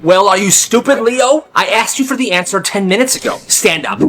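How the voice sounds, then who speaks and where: A man's voice: high voice, fairly quick, a bit bright, soft background music, voice pushed up. A man voicing a mean, power-tripping male algebra teacher who bullies a student. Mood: sneering. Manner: sneering, bullying.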